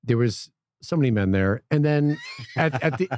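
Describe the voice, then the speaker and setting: A man's voice: medium pitch, moderate pace, no room sound, studio quality. A man, a podcast guest, telling a long story in casual chat, acting out the voices of the people in it. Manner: animated, acts out quoted voices.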